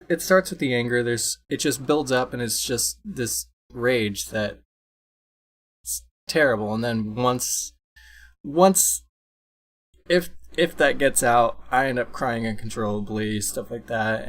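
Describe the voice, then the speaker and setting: Young man, casual home vlog on a computer mic. Rambles, apologizes, restarts a lot, mid-pitched. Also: a bit bright. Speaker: vlogger. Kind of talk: casual unscripted talk to camera. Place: room at home. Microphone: computer microphone.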